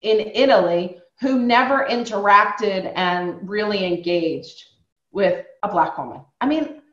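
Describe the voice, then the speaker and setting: A woman's voice: medium pitch, lively intonation, a little slow, a bit bright, reverberant, lo-fi sound. A woman from New York hosting a podcast, telling stories in casual conversation and acting out the people she quotes. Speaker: podcast host.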